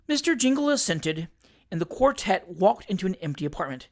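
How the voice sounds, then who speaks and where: An audiobook reader giving expressive, dramatic scripted narration of a classic novel. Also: medium pitch, a little fast.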